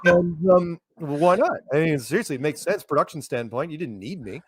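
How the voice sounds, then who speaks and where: A man's voice: a little high, animated, moderate pace, slight background noise. An American man, a guest in an interview, telling stories in a loose, rambling way with many restarts and repeated words. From United States. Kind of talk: casual conversational storytelling.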